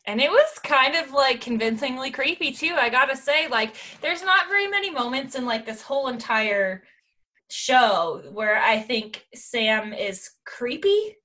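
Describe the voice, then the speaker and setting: Lively, bright-voiced woman chatting. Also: high-pitched, a little slow. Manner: chatty, filler-heavy, giggly. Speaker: podcast co-host. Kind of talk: casual chat.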